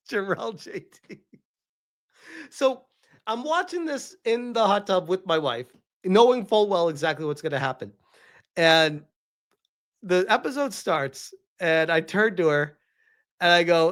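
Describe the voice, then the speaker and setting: Lively, laughing man reviewing a show. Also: high-pitched, a little slow, long pauses. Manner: animated, laughs often, rambling. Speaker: video reviewer. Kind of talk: casual vlog review.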